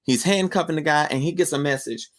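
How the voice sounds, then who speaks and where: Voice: mid-range voice, fast talker. A podcast host giving a casual, chatty film review recap, telling the story with slangy asides.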